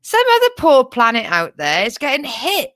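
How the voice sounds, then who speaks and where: A woman's voice: a little high, wildly swooping pitch, normal speed, a bit bright, no room sound, studio quality. A young woman co-hosting a comedy podcast, chatty and joking, swearing and laughing a lot. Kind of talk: casual comedic banter.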